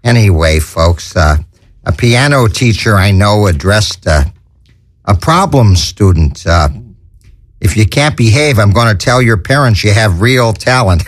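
Slow, low-voiced stammering man cracking puns. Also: lively intonation, no echo, clean studio sound. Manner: stammering, chuckling at his own puns. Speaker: host of a comedy show. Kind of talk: corny stand-up patter.

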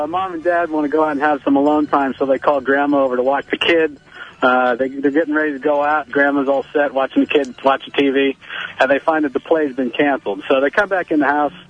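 A male caller telling a long joke over the phone in a plain, steady way. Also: on the high side. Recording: dull phone line.

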